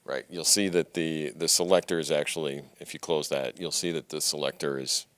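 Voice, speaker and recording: A man with an extremely deep, low voice explains audio routing in a steady, practical manner. The sound is dry and close, with no room echo. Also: brisk. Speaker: co-presenter. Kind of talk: technical explanation.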